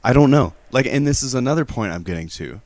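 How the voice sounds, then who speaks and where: A man's voice: medium pitch, lively intonation, fast talker, darkish tone, no echo. A man on a live stream prank call, telling a rambling, hesitant story and defending himself in a mock-earnest tone. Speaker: prank caller.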